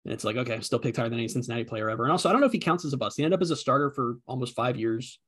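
Male podcast co-host, fast and a bit raspy, quick to argue his point. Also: medium pitch, animated, fairly bright tone. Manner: quick, stumbling restarts, argumentative. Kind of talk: casual sports chat.

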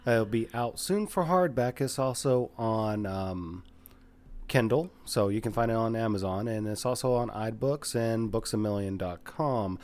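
A man hosting a podcast, chatting casually and running through plugs in a relaxed way. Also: lowish voice, measured pace. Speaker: podcast host. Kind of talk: casual group chat.

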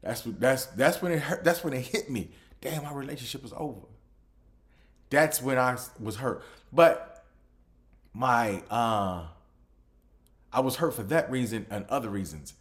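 A man's voice: mid-range voice, unhurried, pauses often. A man hosting a podcast, telling a personal story casually with frequent restarts. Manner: restarts often, animated retelling. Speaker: podcast host.

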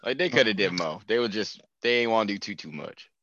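Man, casual chat, bright voice, lively pitch, laid-back, wry, lo-fi recording. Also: fairly quick, a little hiss or hum. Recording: dull lo-fi audio.

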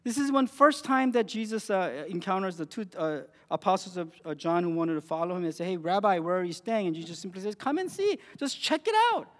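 A man preaching a sermon in an earnest way, rising to emphatic phrases and dropping to quiet ones. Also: high-pitched, brisk, few pauses, in a large hall.

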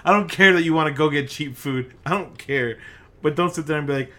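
Profane, animated man telling a story. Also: mid-range voice, fast. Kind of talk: casual chat.

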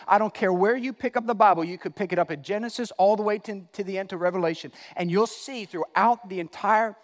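A male pastor preaching a sermon, emphatic, repeating key phrases and swinging between loud and hushed. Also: high-pitched, fairly quick, hardly any pauses, in a large hall.

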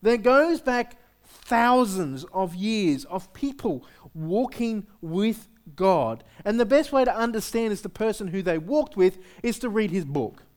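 A pastor delivers a sermon to his congregation in a conversational style, tossing out rhetorical questions. His pitch swings freely up and down and stays lively, and he speaks unhurriedly with hardly any pauses.

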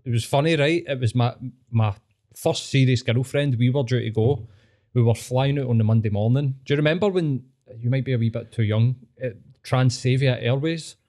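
A man's voice: mid-range voice, normal speed, darkish tone. Sweary Scottish man telling stories. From Scotland. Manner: sweary, storytelling, laughs often. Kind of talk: casual chat.

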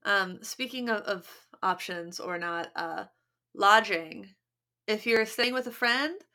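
A woman's voice: mid-range voice, slow, sharp tone. A woman co-hosting a podcast, giving practical tips in a casual, chatty way with plenty of fillers and restarts. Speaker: podcast co-host. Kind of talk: casual chat.

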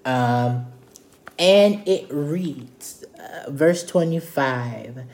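Playful male Bible teacher, mellow low voice, roomy echoey room. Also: drawn-out words. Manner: chatty, playful, animated retelling. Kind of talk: casual Bible study teaching.

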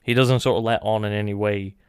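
A man talks through a show review in a loose, musing way, stacking "like" between his thoughts. His voice is smooth and clear. The sound is dry and close, with no room echo. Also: on the low side, fairly even intonation, fast. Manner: thoughtful, musing, many "like" fillers. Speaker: podcast co-host. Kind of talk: casual review chat.

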